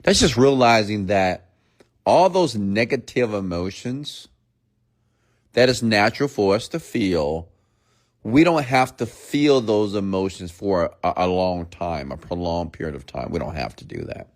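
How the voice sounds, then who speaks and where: A man's voice: fairly low pitch, animated, measured pace. A middle-aged man giving a playful late-night motivational rant as a speaker, now and then mimicking people for effect.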